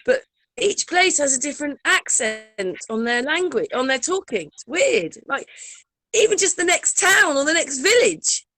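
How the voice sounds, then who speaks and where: A woman's voice: sits high, sing-song, normal speed, pushed and bright. A woman from England with a slight Berkshire accent, chatting casually and laughing easily. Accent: English, slight Berkshire. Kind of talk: casual online chat.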